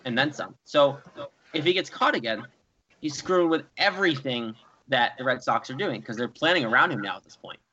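Young man, sports podcast co-host, rambling, bright tone, dull recording. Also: medium pitch, a little fast, slight background noise. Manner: animated, rambling. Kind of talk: casual sports chat. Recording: dull lo-fi sound.

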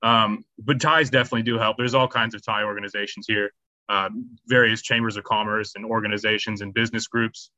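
A man's voice: on the low side, flat delivery, brisk, sharp tone, no echo, dull audio. A man answering interview questions about volunteer work, hesitant, with many ums and restarts. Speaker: charity volunteer.

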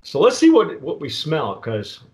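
A man's voice: on the high side, huge pitch swings, a little mellow. A man hosting a casual tequila tasting chat, rambling and restarting often. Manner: rambling, halting, with many restarts and fillers. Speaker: tequila review host.

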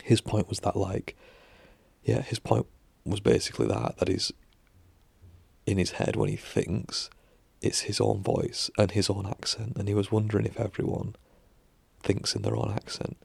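A man muses aloud in a loose, rambling monologue, circling back on himself and dropping the odd swear word. His voice is deeply gravelly and husky. It sits a little low, and the recording is dry and close. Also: fairly even intonation, moderate pace, a little mellow, dry recording. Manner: musing, full of fillers and restarts, swears casually. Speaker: vlogger.

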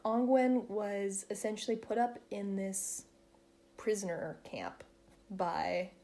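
A woman's voice: mid-range voice, fairly even intonation, dark tone. A woman co-hosting a casual true-crime podcast, telling the story in a chatty way and laughing often. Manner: fast, chatty storytelling with fillers. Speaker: podcast co-host.

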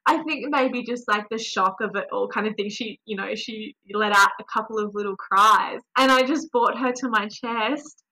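Young woman, podcast guest, bright clear voice, slightly high, warm, animated, heartfelt storytelling. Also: normal speed, few pauses, rough recording. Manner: warm, animated, emotional storytelling with frequent laughs. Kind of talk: casual birth story telling.

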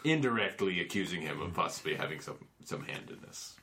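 A man's voice: low-pitched, sing-song, fairly quick, fairly bright tone, slight background noise. A man playing a tabletop game, searching for words as he probes the game master. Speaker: player.

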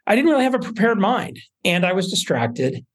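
A man, a venture investor, telling stories in a relaxed interview with many fillers and restarts. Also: high voice, a little fast. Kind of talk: casual interview talk.

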